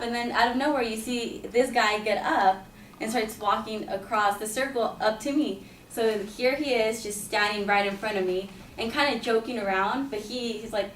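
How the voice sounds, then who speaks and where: A woman's voice: a little high, a bit bright, a little hiss or hum. A woman casually telling a personal anecdote, chatty and full of "like" and "you know". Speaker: storyteller. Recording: roomy echo, mic at a distance.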